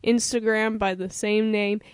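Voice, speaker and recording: A woman's voice: mid-range voice, little pitch movement, unhurried, clear, resonant tone, dry recording, clean studio sound. A woman co-hosting a podcast in casual chat, loose and joking, with frequent laughter. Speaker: podcast co-host.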